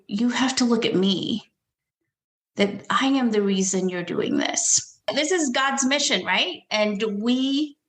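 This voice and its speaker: An earnest woman tells a personal story at an unhurried pace. Her voice carries a roomy echo. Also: a little high, fairly bright tone. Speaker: guest. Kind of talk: casual storytelling.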